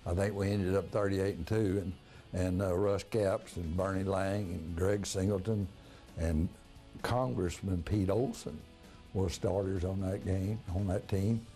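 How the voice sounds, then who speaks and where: An older man with a drawl tells coaching stories in a low, mellow voice. He talks in a folksy, unhurried way, full of "uh"s and restarts. Faint music sits underneath. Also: fairly even intonation. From Texas. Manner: folksy storyteller, frequent "uh" and restarts. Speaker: retired high school basketball coach. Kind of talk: casual reminiscing interview.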